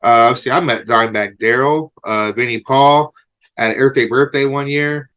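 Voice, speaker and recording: A man, a band member guest, telling excited backstage stories in a casual interview, laughing along. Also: mid-range voice, normal speed. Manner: excited storyteller, laughing, imitates shouts in anecdotes.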